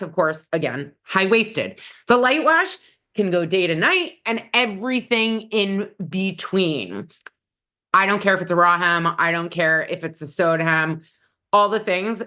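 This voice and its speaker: A woman's voice: medium pitch, sharp tone. A middle-aged woman stylist giving blunt, opinionated fashion advice in a casual how-to talk.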